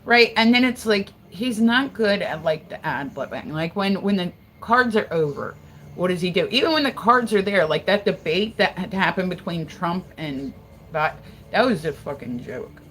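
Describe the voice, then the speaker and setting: A woman's voice: lowish voice, normal speed, slight background noise, low-quality recording. A woman from Delaware hosting a casual livestream, rambling and swearing as she talks. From Delaware, USA. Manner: profane, rambling, animated. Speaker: livestream host.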